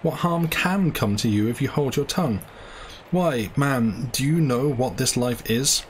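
A man doing a calm, cynical doctor. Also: medium pitch, a little slow, slight background noise, natural voice. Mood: coaxing. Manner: calm, coaxing, lecturing. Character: smooth, cynical male doctor, worldly and persuasive.

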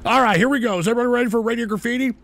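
A man's voice: extremely high pitch, rapid-fire, gravelly, a bit bright. A man hosting a call-in show, swearing and ranting at trolls while taking shots on air. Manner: rowdy, swearing, mock-rants at trolls. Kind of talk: profane call-in show banter.

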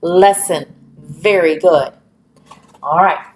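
A woman teaching a phonics lesson to young children, patient and encouraging, drawing out each word slowly. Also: lowish voice, echoey room.

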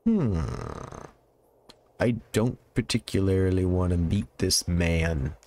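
A man's voice: low-pitched, takes it slowly, a little mellow, a little hiss or hum. A man casually commenting while playing a game, joking, laughing often and swearing freely. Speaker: let's play host.

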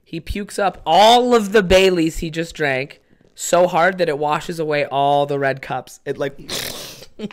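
A man's voice: on the high side, unhurried, clear, resonant tone. Rambling, profane young man host. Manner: rambling, profane, self-mocking. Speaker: podcast host. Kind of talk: casual solo storytelling. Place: home.

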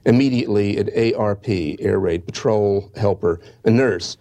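Lower-pitched man giving a history lecture. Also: warm tone. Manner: measured, halting, with restarts. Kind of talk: lecture reading from eyewitness accounts.

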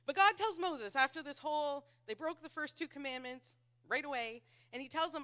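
Woman Bible teacher with a high voice, chatty and self-mocking, acts out the people she quotes. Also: normal speed, pushed and bright. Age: adult, married. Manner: conversational, laughs at herself, acts out quoted voices.

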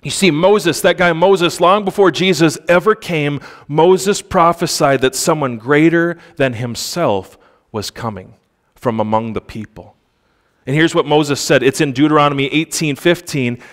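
A man preaching a sermon in church, speaking conversationally, asking the congregation for responses and reading scripture aloud with slow emphasis. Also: fairly high pitch. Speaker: pastor.

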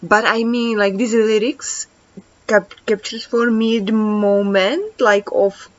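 A woman's voice: a little high, fairly even intonation. A woman hosting a reaction video who reads translated lyrics aloud and then comments casually. She stumbles, restarts words and fills her talk with "like.". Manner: halting, stumbles and restarts words, many "like" fillers. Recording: dull lo-fi recording.

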